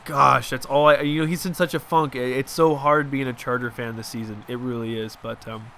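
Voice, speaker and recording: Bright-voiced young guy ranting about football. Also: medium pitch, fairly even intonation, a little hiss or hum. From Southern California. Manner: rambling, chatty, quick to vent. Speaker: gaming channel host. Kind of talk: casual game commentary.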